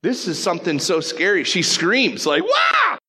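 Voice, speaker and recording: Male pastor preaching, lively storytelling, kinda high and bright. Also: normal speed, slightly rough. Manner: animated storytelling, jumps into voices. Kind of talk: sermon.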